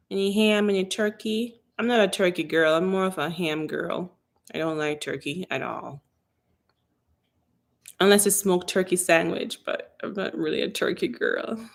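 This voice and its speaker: A woman from Jamaica with a Jamaican accent, hosting a live stream about hair care and answering viewers' questions in a sassy, animated, chatty way. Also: medium pitch. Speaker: hair care channel host. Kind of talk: casual live-stream Q&A chat.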